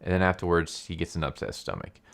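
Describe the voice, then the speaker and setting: Deep smooth-voiced laid-back man. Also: big pitch swings, fast talker, a bit bright. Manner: laid-back, laughing, many fillers. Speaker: comic book reviewer. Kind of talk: casual comic review monologue.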